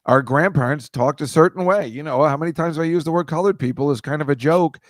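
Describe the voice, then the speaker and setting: A man's voice: a little high, fast, no room sound. A man co-hosting a podcast in casual chat, blunt and opinionated, laughing along. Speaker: podcast co-host.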